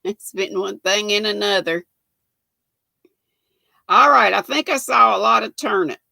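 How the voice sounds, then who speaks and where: A woman's voice: mid-range voice, measured pace, creaky, sharp tone, dry recording. An older woman hosting a casual livestream, chatting with viewers by name and reading trivia aloud. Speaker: livestream host.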